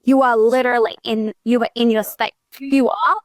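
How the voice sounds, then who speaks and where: An animated woman co-hosting a sales podcast, telling stories in a relaxed, conversational way and slipping into acted-out quotes. Her voice sits a little high, and it is recorded close and dry with no room sound. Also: a little fast, dry recording. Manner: animated storyteller, acts out quotes, many "like" fillers. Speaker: podcast co-host, sales coach. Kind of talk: casual podcast chat.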